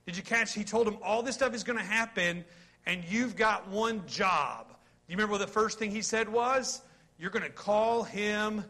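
A man in his forties preaching a sermon, reading scripture aloud and joking in a folksy, animated way with his congregation. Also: high voice. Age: 40s. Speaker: pastor.

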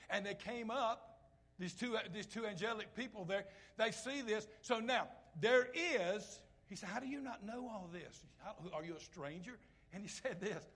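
A high-pitched man preaches. He talks to the congregation conversationally, then builds to loud, impassioned peaks before dropping back to near-hushed asides. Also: husky. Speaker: pastor. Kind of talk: sermon.

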